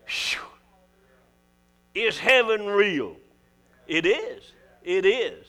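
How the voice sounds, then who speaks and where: A man's voice: sits high, very animated, very slow, bright, forceful tone. A man with a Southern US accent preaching a sermon, folksy and joking, with emphatic calls to the congregation.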